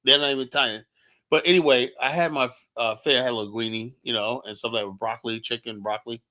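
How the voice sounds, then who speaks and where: A man hosting an online talk show rants in casual commentary, telling animated stories and acting out the lines he quotes. He speaks fast in a mid-range voice.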